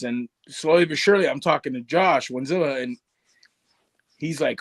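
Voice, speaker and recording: A man talking as a guest on a live stream, telling a story in a relaxed way and quoting his friends. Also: on the high side, normal speed, no echo. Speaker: toy collector guest. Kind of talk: casual chat on a live stream.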